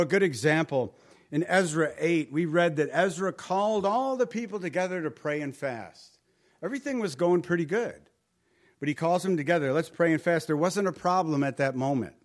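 A man preaching a sermon in a conversational way, posing rhetorical questions and dropping soft and low on his tag lines. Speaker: pastor.

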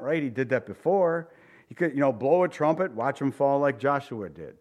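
A man preaching a verse-by-verse sermon, reading scripture aloud and then commenting in a relaxed, conversational way, sometimes acting out incredulous reactions. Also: fairly high pitch. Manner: animated, acts out incredulous reactions.

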